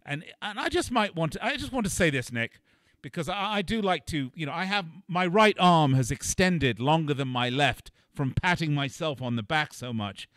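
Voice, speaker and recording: A man hosting a sports betting radio show, upbeat and boastful, with a salesy pitch. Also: animated, normal speed, fairly bright tone, no room sound, studio quality.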